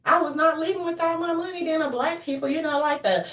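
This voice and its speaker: Profane, animated woman in an echoey room. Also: high voice, fast talker, distant mic, slight background noise. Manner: profane, animated storytelling with laughs and mimicry. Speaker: commentary streamer. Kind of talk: casual rant.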